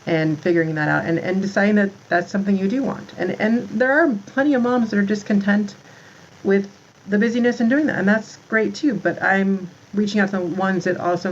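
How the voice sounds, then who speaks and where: A woman in her thirties, founder of a moms' community, is a guest on a podcast in a casual interview. She rambles about motherhood with lots of "like" and restarts, and her mid-range voice sounds as if its highs were cut off.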